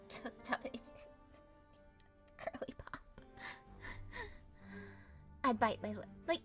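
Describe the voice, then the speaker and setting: A woman streaming a visual novel, reading it aloud and reacting with animated, theatrical comments. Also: mid-range voice, a little slow, long pauses, husky, faint music behind.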